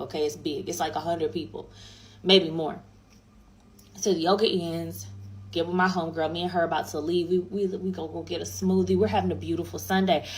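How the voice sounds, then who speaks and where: A young woman in mid-range voice tells a personal story with exasperated energy. She swears freely and repeats herself for effect, sliding between low mutters and sudden shouts. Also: poor audio. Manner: profane, repeats herself for emphasis. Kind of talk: storytime monologue.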